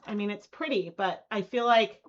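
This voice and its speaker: A woman's voice: medium pitch, normal speed. Chatty woman, lo-fi stream. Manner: chatty, giggly, cooing baby talk to her dog. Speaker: fiber arts channel host. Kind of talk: casual live-stream chat while spinning yarn. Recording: lo-fi live-stream audio.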